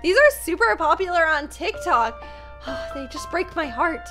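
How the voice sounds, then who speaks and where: A woman's voice: extremely high pitch, big pitch swings, a little slow, bright, forceful tone, soft background music. A woman hosting a gaming reaction video, gushing and gasping as she comments. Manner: gushing, gasps a lot.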